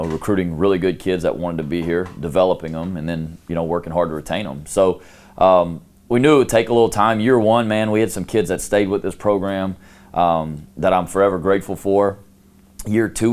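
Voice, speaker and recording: A middle-aged man with a notably deep voice speaks as a head football coach in a sit-down interview. He talks in a relaxed, candid way, leaning on easy filler phrases as he thinks aloud. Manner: relaxed, candid, peppered with "you know".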